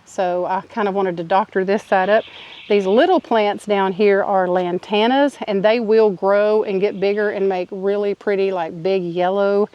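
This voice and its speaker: A woman's voice: mid-range voice, fairly even intonation, moderate pace, highs cut off. A woman chatting casually and enthusiastically while working in her yard, folksy and a little out of breath at times. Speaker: vlogger. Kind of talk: casual chat while gardening. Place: outdoors in a yard.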